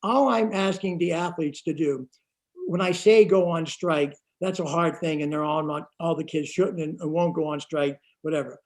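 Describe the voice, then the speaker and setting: A man on a panel talking bluntly and heatedly in rapid bursts. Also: fairly high pitch. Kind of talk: panel discussion.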